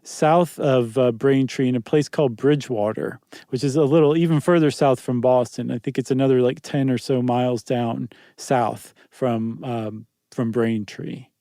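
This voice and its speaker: A man's voice: medium pitch, steady tone, normal speed, hardly any pauses, mellow, dry recording, clean studio sound. A man co-hosting a podcast, talking in a loose, casual way with lots of ums and restarts. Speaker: podcast co-host. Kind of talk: casual chat.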